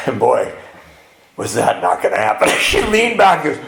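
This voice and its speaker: Guy telling a funny sober story in a big echoey room, raspy kinda high voice. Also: moderate pace. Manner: animated storyteller, acts out voices, laughs often. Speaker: retreat speaker. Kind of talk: personal recovery testimony with humor. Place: retreat meeting hall. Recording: echoey hall with faint background noise.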